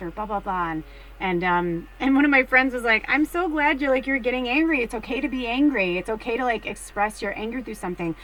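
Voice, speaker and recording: A middle-aged woman reading tarot cards in a casual, rambling chat, full of fillers, swinging between hushed and excited. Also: a little high, quick pace, poor audio. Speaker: tarot card reader.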